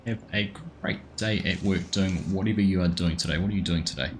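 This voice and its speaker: A man's voice: low voice, fairly quick, a little hiss or hum. A middle-aged Australian man casually chatting on a live game stream, greeting viewers by name from his desk at home. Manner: friendly, greets chat by name, relaxed.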